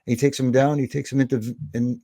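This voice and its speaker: A middle-aged man, a former wrestling referee, telling lively anecdotes as a podcast guest and slipping into the voices of the people in them. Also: mid-range voice, fast talker, dry recording. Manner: animated anecdotes with quoted voices. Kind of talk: storytelling in a podcast interview.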